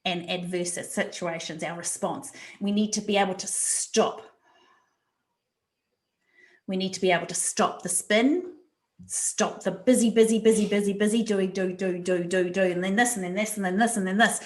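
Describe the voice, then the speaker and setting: A woman's voice: medium pitch, fairly even intonation, normal speed, reverberant. A woman presenting a resilience webinar over a video call, talking animatedly and repeating words for emphasis. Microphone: video call mic.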